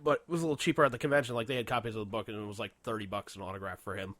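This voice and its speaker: A man co-hosting a casual podcast, telling stories in an animated way with lots of swearing and laughter. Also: lowish voice, racing, dry recording. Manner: animated storytelling, heavy swearing, frequent laughter. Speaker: podcast co-host. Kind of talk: casual chat.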